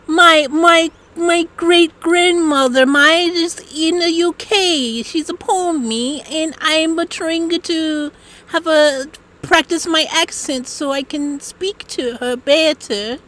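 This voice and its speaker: Man putting on a squeaky woman's voice, very high, bright, slow, mock Aussie prank caller. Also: heavily acted. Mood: teasing. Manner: slow, drawn-out, keeps saying the name.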